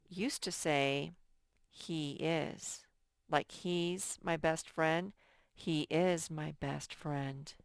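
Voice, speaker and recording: A woman teacher leading a first-grade spelling lesson, slowly sounding out each word syllable by syllable. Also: on the low side, no room sound, studio quality. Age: adult. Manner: slow, sounds out words syllable by syllable.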